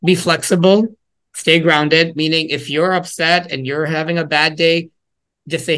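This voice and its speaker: A man's voice: on the high side, steady tone, measured pace, a bit bright. Conversational man coaching parents. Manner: conversational, acts out parent and child quotes. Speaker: parenting workshop speaker. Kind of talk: casual talk to parents.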